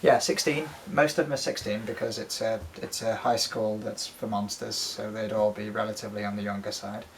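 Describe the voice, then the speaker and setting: A man's voice: fairly low pitch, fairly even intonation, fairly quick, vocal fry, few pauses, a crowd in the background, rough recording. A man chatting casually at home about his collection, rambling with lots of ums and frequent swearing. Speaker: doll collector and co-host. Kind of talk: casual chat showing a collection.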